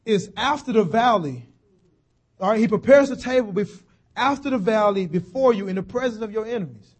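A preacher with a notably high voice, talking to his congregation in a folksy, conversational way. He slows down and drops low on key phrases, then rises when he stresses a point. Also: expressive, breathy edge. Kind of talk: sermon.

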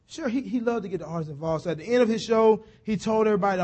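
A man preaching a sermon in a rhythmic, repetitive style that builds into shouted lines. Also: high-pitched, animated, quick pace.

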